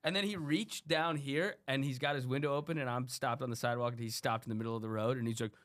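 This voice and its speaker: A man's voice: mid-range voice, quick pace, dry recording. A man on a podcast, telling a street story casually and acting out the people in it. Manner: animated, acts out the people in his stories. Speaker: podcast guest.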